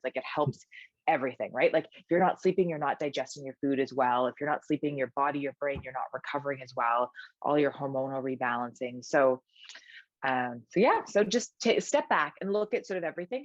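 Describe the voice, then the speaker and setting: A woman's voice: very deep voice, no room sound, muffled recording. A woman personal trainer talking energetically as a podcast guest, emphatic and full of "like" fillers and restarts. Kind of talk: conversational podcast interview.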